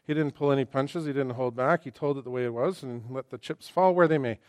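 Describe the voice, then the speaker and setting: Middle-aged guy preaching, acts out voices, gets loud then quiet, mid-pitched, dry mic. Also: fairly quick, no room sound. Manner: animated, acts out quoted voices, swings between loud and hushed. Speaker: pastor. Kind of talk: sermon.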